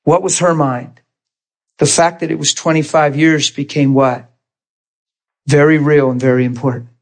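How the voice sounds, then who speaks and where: A man preaching a sermon in a church, telling healing stories in an animated way and often crying out in excitement. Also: fairly high pitch, moderate pace. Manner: animated, shouts and cries out in excitement. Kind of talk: sermon with testimony storytelling.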